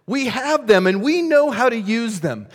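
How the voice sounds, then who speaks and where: Pastor, male, higher voice, dynamic sermon delivery, long hall reverb. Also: lively intonation, measured pace.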